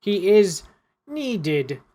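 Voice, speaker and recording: A man voicing a mysterious stranger in red gloves who speaks with a grating, unearthly cadence and long pauses between phrases. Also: high-pitched, big pitch swings, mellow, pitched above the performer's own voice, heavily acted. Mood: ominous. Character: eerie man in red gloves, unnatural speech.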